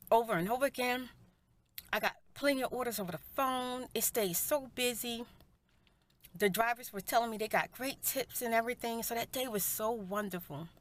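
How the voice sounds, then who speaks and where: A middle-aged woman with a slightly high voice tells a soft-spoken, heartfelt and spiritual personal story as an ASMR storyteller, addressing viewers as "you guys" and "y'all." She's indoors on a close mic set up for eating sounds.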